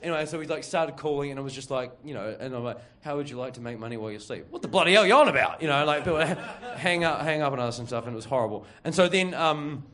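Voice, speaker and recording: A man's voice: medium pitch, fast talker, hardly any pauses, fairly bright tone. A man telling a story live to an audience, rambling with lots of fillers, laughing and acting out other people's voices.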